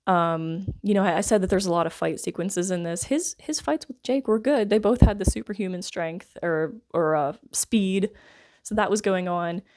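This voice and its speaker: A woman's voice: medium pitch, moderate pace, darkish tone. A woman giving a casual, rambling film review, wry and full of fillers like "like" and "I guess.". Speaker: movie reviewer.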